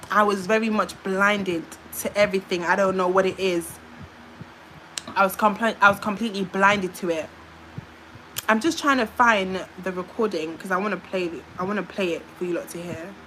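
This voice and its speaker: A woman's voice: medium pitch, fairly even intonation, normal speed, pushed and bright, a little hiss or hum. A woman from the UK, a YouTuber, telling a rambling, emotional story on a live stream. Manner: emotional, rambling, restarts often. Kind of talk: casual livestream storytelling.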